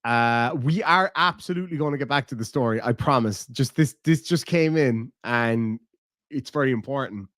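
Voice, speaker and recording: A man's voice: medium pitch, moderate pace, fairly bright tone, no room sound, clean studio sound. An Irish man hosting a live stream, answering his chat in a blunt, casual way, swearing freely and laughing often. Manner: blunt, profane, laughs easily. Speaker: streamer host reading chat.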